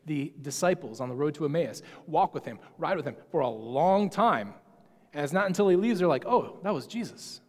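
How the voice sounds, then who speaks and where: A pastor giving a sermon, explaining a Bible passage in a conversational, musing way. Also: male voice, on the high side, expressive, a little fast, long reverb tail.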